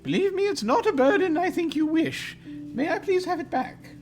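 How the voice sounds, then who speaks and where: A man's voice: extremely high pitch, animated, normal speed, faint music behind, voice pushed up. A man voicing a poised, reserved noblewoman duchess who speaks formally and courteously in a tabletop game. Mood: guarded.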